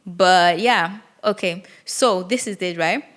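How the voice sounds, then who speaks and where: A woman's voice: on the low side, slow, fairly bright tone. A young woman, hosting a solo podcast and reflecting candidly aloud, with frequent restarts. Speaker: podcast host.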